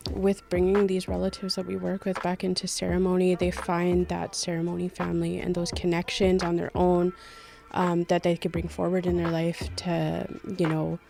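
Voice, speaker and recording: A woman's voice: lowish voice, gravelly, a little mellow. A woman on a radio panel, speaking earnestly and reflectively as a support worker.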